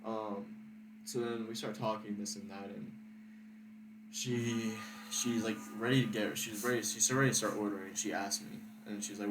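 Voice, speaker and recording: A man's voice: on the low side, fairly even intonation, normal speed. A young man telling a story casually, rambling and profane with lots of filler words. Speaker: vlogger. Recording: echoey room with background noise.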